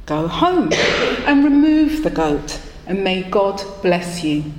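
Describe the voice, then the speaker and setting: Brief: gentle old rabbi, voiced by a female storyteller, unhurried, reverberant hall. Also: medium pitch. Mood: calm. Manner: calm, gentle. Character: calm wise old rabbi, man. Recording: echoey hall with long reverb.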